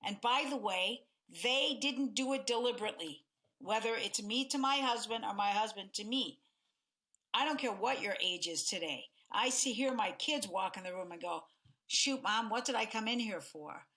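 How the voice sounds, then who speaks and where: A woman's voice: medium pitch, moderate pace. A middle-aged woman hosting a self-help podcast as a life coach, talking expressively and acting out examples of dialogue. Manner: expressive, acts out quoted dialogue in different tones.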